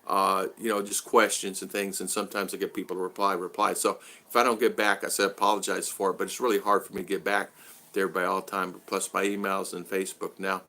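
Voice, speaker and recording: A man's voice: deep voice, level tone, fast talker, sharp tone. A middle-aged American man vlogging in a casual livestream chat, rambling and repeating himself. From United States.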